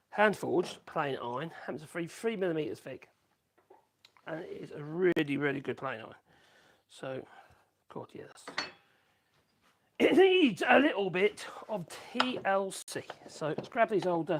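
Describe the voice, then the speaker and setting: A man's voice: fairly high pitch, expressive, normal speed, long pauses. A man hosting a woodworking livestream, chatting casually and thinking aloud while he works. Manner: chatty, thinks aloud and hums tunelessly to himself. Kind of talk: casual live-stream chat while working.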